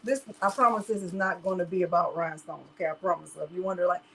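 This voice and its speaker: Hosting a crafting livestream, this woman talks fast in a fairly low, steady, fairly bright voice, with slight background noise and rough audio. She's chatty, laughs a lot and speaks straight to her viewers, calling them "y'all".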